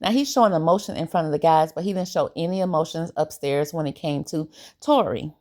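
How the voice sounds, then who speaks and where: A woman giving a casual, opinionated recap of a reality TV episode, animated and colloquial. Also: low-pitched, fairly quick. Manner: animated, opinionated, briefly acts out quoted lines; relaxed colloquial grammar.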